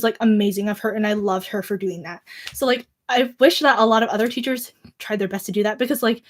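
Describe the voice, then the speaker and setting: Teen girl just rambling on her livestream, kinda high voice, lots of likes. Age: teens. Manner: rambling, chatty, lots of fillers like "like". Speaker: livestream host. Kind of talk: casual livestream chat.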